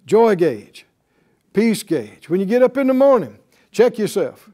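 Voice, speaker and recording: Lively preacher, male, high and expressive voice, chuckles through his points. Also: measured pace. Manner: lively, laughing asides, quotes scripture, acts out little dialogues. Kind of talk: sermon.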